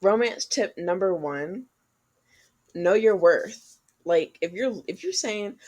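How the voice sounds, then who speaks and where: A woman's voice: mid-range voice, animated, slow pace, a little mellow. A young woman co-hosting a podcast, chatting casually and giving frank dating advice straight to listeners. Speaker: podcast co-host. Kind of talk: casual chat.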